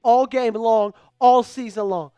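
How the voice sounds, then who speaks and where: High-voiced, excitable play-by-play man. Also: unhurried, clear, resonant tone, dry recording. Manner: hyped, pleading with viewers, shouts at big plays. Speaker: fan livestream play-by-play host. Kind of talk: excitable live play-by-play commentary.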